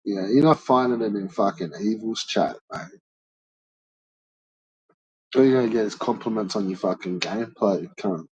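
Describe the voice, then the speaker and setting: A man's voice: fairly low pitch, moderate pace, pauses often, a little mellow, low-quality recording. A man streaming and ranting to his chat in a blunt, profane, swear-filled way. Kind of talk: casual rant to chat.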